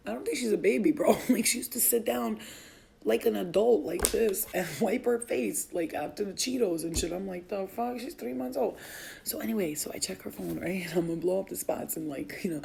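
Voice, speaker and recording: Gravelly, profane woman telling a story. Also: on the low side, a little hiss or hum. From Albanian family. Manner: profane, laughing, animated storytelling. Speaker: vlogger, mother. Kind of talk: casual storytelling.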